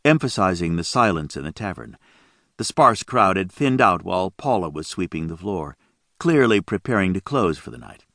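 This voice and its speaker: Deep-voiced male audiobook narrator. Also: fairly bright tone, no echo, studio quality. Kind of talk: scripted narration.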